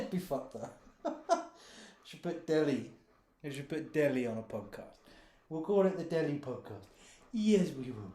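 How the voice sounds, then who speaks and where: A man's voice: mid-range voice, big pitch swings, moderate pace, a little mellow. Sweary man, roomy room. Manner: swears a lot, rambling, laughs often. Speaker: author and podcast host. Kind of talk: casual sweary monologue. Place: home office.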